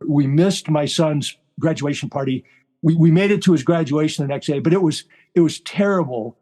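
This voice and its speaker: A man's voice: on the high side, normal speed. A retired army general in his sixties, telling a long personal story in an interview and acting out the voices of the people in it. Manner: animated, acts out quoted voices.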